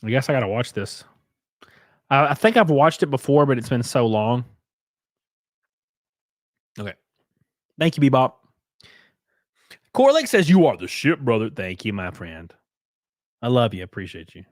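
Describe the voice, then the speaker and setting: A man's voice: mid-range voice, animated, normal speed, long pauses, no echo, clean studio sound. A man from Alabama with a Southern accent, chatting casually and profanely on a live stream while reading chat aloud. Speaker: streamer host.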